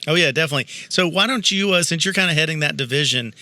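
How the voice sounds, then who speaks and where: A man co-hosting a podcast, talking loosely and laughing his way through his stories. His voice sits a little high and sounds bright and forceful. The sound is close and dry. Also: very fast, no echo. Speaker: podcast co-host. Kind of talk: casual chat.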